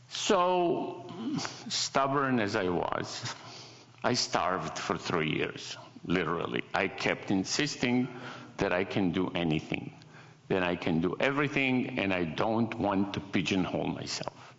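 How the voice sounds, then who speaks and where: An older man with an Italian accent gives a guest lecture, telling stories with a wry, self-mocking humor. His voice is low and gravelly. The recording is dull and lo-fi, with a long hall echo. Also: big pitch swings, a little slow, fairly bright tone. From Italy. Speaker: designer giving a guest lecture. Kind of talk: anecdotal lecture storytelling. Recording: echoey hall, dull lo-fi sound.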